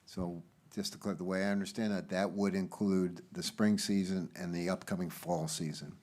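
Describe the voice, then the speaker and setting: A man's voice: deep voice, little pitch movement, normal speed, darkish tone. A man serving as city attorney, speaking carefully to clarify the terms of an agreement.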